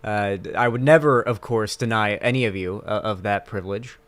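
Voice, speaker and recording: A man's voice: lowish voice, normal speed. A man streaming live, chatting casually with his chat in a rambling, crude, sarcastic way.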